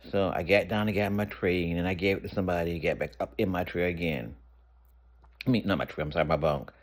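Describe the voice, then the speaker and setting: Man, deep voice, casual storytime vlogger, candid and conversational. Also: fairly even intonation, fast talker. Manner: candid, conversational, rambling with restarts.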